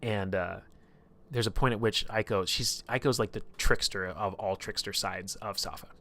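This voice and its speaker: A man casually retelling a tabletop campaign on a live stream, rambling and animated, with lots of filler and swearing. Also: fairly low pitch, normal speed.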